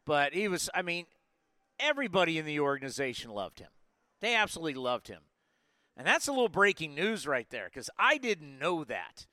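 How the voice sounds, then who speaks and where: Bright, clear-voiced man in his forties. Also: fairly high pitch, fairly quick, no echo. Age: 40s. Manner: energetic, rambling, with frequent asides. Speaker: sports podcast host. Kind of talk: casual live sports talk.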